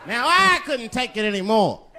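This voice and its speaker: A man performing a stand-up comedy set on stage, telling stories that swing between loud punchlines and low asides. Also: big pitch swings, moderate pace, a little hiss or hum. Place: stage before a live audience. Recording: live stage mic with crowd laughter. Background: audience laughter.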